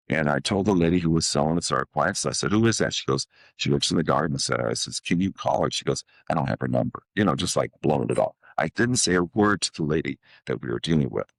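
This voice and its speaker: A man's voice: extremely low pitch, gravelly, no room sound. A man in his seventies, a guest in an interview, telling stories in a rambling, casual way with many restarts and quoted dialogue. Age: 70s. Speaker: guest, author and motivational speaker.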